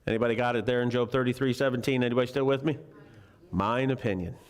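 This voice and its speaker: In a church sanctuary, a male preacher teaches a Bible lesson as a conversational sermon, chatting, joking, and often questioning the congregation. His medium-pitched voice is flat in delivery, smooth, and very fast.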